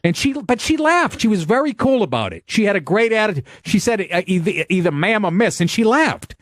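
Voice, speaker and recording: A middle-aged male comedian hosts a casual podcast, telling stories in a brash, profane and animated way. His voice sits a bit high for a man. It is recorded on a close, dry studio mic. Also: fairly quick, dry recording.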